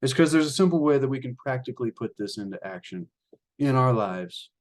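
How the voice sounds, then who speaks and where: A man with a voice of ordinary middle pitch reads a spiritual passage, then tells a fable in a loose, chatty way. He addresses his listeners as ladies and gentlemen. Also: animated, brisk. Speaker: channel host reading a spiritual book. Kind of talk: reading aloud with spoken commentary.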